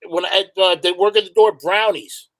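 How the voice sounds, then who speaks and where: A man's voice: sits high, steady tone, moderate pace, fairly bright tone, poor audio. A middle-aged man with a New York accent, chatting as a guest, profane and rambling as he tells stories. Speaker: guest, hardcore musician. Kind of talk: casual chat, storytelling.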